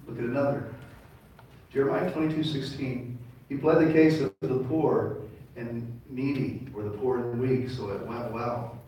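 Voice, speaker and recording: A man's voice: medium pitch, fairly even intonation, normal speed, warm tone. Male rabbi, sermon, call-and-response; roomy distant hall sound. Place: large congregation hall. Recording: echoey hall, mic far off.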